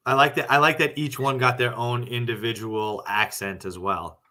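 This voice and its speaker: Bright, enthusiastic man co-host. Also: mid-range voice, steady tone, normal speed. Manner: enthusiastic, teasing. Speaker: podcast co-host. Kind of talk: casual fight-betting chat.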